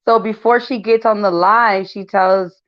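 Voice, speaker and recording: A woman's voice: medium pitch, steady tone, measured pace. A woman hosting a casual celebrity gossip commentary, chatty and full of fillers, talking to her viewers as y'all. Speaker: gossip channel host. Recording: dull lo-fi sound.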